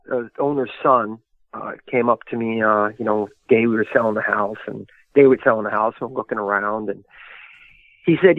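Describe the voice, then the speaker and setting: A New York-area historian and author, with a creaky, medium-pitched voice, tells long, rambling anecdotes full of fillers in a casual interview. The recording is dry and comes through a tinny, phone-like line.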